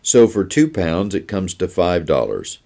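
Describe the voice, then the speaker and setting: A man voicing a calm, matter-of-fact butcher, reading from a children's storybook. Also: sits low, unhurried, vocal fry, exaggerated voice.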